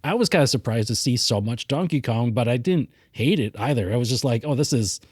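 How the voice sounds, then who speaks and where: A man co-hosting a casual film review podcast, chatty and quick to laugh at himself. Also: mid-range voice, expressive, a little mellow, slightly rough, dry recording, studio quality. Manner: chatty, self-deprecating, laughs easily. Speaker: podcast co-host.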